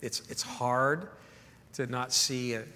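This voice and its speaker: A man's voice: medium pitch, steady tone, slow, sharp tone, smooth. A man preaching a sermon as pastor, earnest, often repeating words as he builds a point. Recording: echoey hall reverb.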